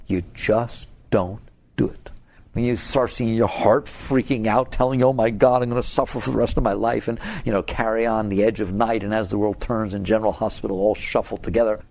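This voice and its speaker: An older man giving a spiritual talk to an audience, animated and often laughing, his voice jumping high for emphasis. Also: vocal fry. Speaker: spiritual teacher.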